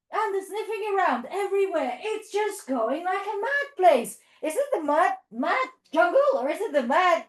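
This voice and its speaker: A woman teaching a playful toddler yoga class, giving encouraging step-by-step cues, with sing-song lines and barking animal noises. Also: high-pitched. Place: yoga studio or hall. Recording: echoey room.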